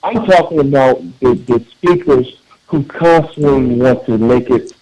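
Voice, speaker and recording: A man's voice: mid-range voice, unhurried, mellow, poor audio. A man calling in to a radio talk show, speaking in an earnest, emphatic way with frequent repeated words and restarts. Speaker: caller.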